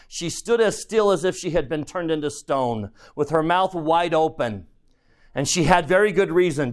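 A man preaching a sermon in an earnest way. He shifts between soft and loud and slows down for emphasis. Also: on the high side, smooth.

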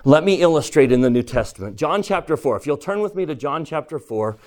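A man's voice: fairly high pitch, expressive, fairly quick. Man teaching a scripture class, questioning. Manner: poses questions to the class and retells scripture scenes. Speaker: religion teacher.

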